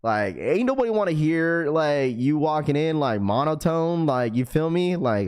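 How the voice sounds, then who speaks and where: A young man hosting a live stream, chatting casually with viewers in an energetic, slangy, talkative way. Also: fairly high pitch, moderate pace, few pauses, smooth. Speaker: livestream host.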